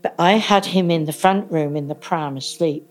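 A woman's voice: fairly low pitch, moderate pace, soft background music. Older woman telling family memories. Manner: animated, laughing as she acts out memories. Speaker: mother of the missing woman. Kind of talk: casual storytelling interview.

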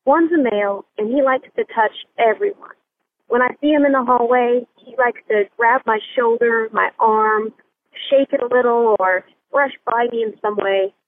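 Uneasy woman caller on a phone line. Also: on the high side. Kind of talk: reading a listener question.

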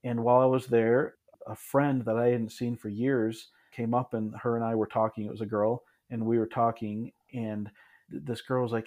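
A man in his thirties from Michigan, a podcast guest telling his story in a relaxed, reflective way, with frequent restarts and asides. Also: medium pitch, moderate pace. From Michigan, USA. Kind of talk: casual storytelling in an interview.

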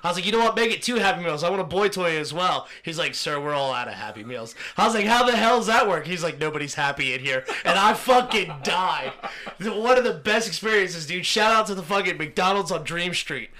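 A man's voice: high-pitched, lively intonation, a little fast, pushed and bright. A man co-hosting a casual podcast, telling stories with lots of swearing and laughter. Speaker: podcast co-host. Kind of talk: casual chat.

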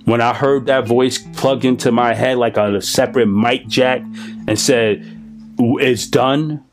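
A man's voice: medium pitch, little pitch movement, unhurried, soft background music. A man giving a personal recovery testimony, emphatic and repetitive, in a streetwise storytelling manner. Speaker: recovery speaker.

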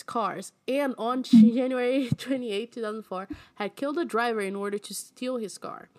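A woman's voice: on the high side, a little mellow. A woman co-hosting a true crime podcast, chatting bluntly with sarcastic asides and casual swearing, then reading case details.

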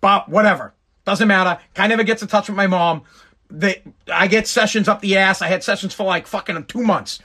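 A man's voice: sits high, brisk, bright, forceful tone. A man telling an exasperated, profane stand-up story. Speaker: stand-up comedian.

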